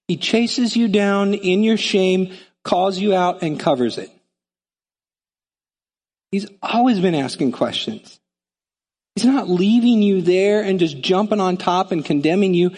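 A man preaching a sermon in a lively, conversational way, often acting out voices. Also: high voice, slightly rough, in a large hall. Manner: animated, conversational, acts out voices. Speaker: pastor.

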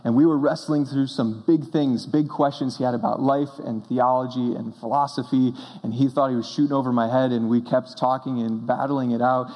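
A man's voice: mid-range voice, steady tone, moderate pace, hardly any pauses, a little mellow. A young man preaching a sermon as pastor, telling stories earnestly and pressing key points with emphatic bursts. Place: church sanctuary. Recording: reverberant church hall.

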